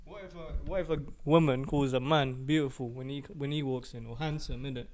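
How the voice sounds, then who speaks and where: A man's voice: medium pitch, steady tone, fairly quick, crowd noise. A young man, co-hosting a casual chat and challenging points with questions. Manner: puts in questions and challenges, ends lines with "innit". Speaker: podcast co-host.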